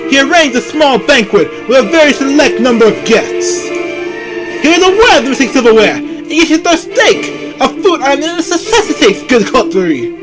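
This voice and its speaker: A man's voice: very high voice, very animated, moderate pace, loud music behind the voice, voice pushed up, rough recording. A man voicing a confident bird defense attorney in a courtroom game, laying out an accusation theatrically. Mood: accusing.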